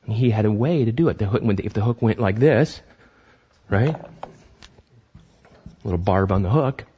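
A man preaching a sermon as pastor, animated, acting out voices and often restarting his sentences. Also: lowish voice, normal speed, muffled recording, slight background noise.

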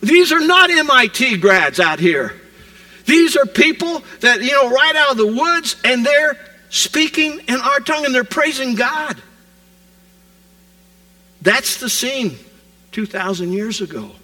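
A man preaching a sermon, retelling scripture as a vivid modern scene, rising loud and dropping to a hush. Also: extremely high pitch, a little slow, low-quality recording. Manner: animated storytelling preacher, swings from loud to hushed. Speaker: pastor.

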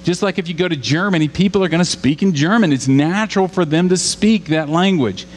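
A man from Louisiana delivers a sermon with a slightly raised pitch, posing questions to his listeners and building through insistent repetition. His voice carries a long reverb from the hall around him, with a faint hum underneath. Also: fairly quick. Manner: earnest, rising to emphatic repetition, asks the congregation questions. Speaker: preacher.

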